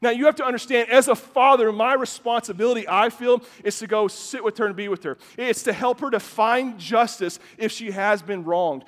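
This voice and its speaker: Man preaching, high voice, long church reverb, impassioned, emphatic bursts, stumbling restarts. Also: moderate pace, few pauses, fairly bright tone. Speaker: pastor. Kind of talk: sermon. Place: church hall.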